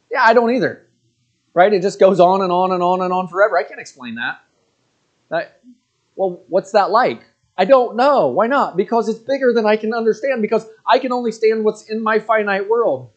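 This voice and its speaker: A man's voice: high-pitched, highs cut off. A man in his thirties giving a casual, rambling sermon, full of fillers and joking asides. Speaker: pastor.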